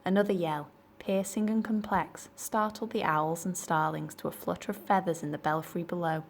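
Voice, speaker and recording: A woman reading a children's storybook aloud in clear, measured narration. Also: lowish voice, fairly even intonation, a little hiss or hum. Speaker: library storyteller.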